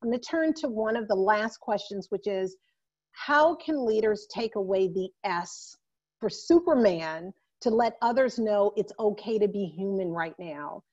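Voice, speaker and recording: A woman moderating a virtual panel, speaking in a measured way as she puts questions and sums up the points. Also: medium pitch, expressive, a little mellow. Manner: measured, summarizing. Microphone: video call. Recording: muffled video-call audio.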